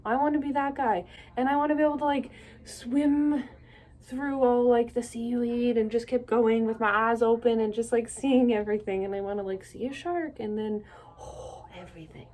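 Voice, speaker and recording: A woman's voice: on the high side, steady tone, moderate pace, darkish tone. Laughing, self-deprecating Canadian woman vlogging. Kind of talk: casual solo vlog.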